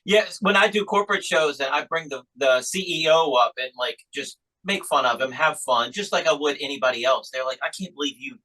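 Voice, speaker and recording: A man's voice: mid-range voice, fairly quick, few pauses, sharp tone, rough recording. A man hosting a podcast, enthusiastic and casual with his guest. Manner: enthusiastic, says dude a lot. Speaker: podcast host. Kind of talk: casual interview chat.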